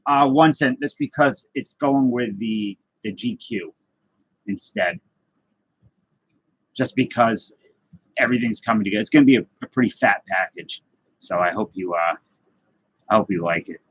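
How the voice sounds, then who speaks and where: Husky guy chatting with viewers. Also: lowish voice, normal speed, pauses often, fairly bright tone, dry recording, rough recording. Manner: rambling, loose, greets chatters by name. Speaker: livestream host. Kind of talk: casual live chat reading viewer comments.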